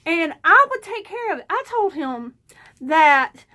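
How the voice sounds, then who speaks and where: A woman's voice: extremely high pitch, big pitch swings, measured pace, bright, forceful tone. A woman telling a rambling story to her vlog audience, with frequent fillers and laughs. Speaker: vlogger. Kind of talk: casual storytelling.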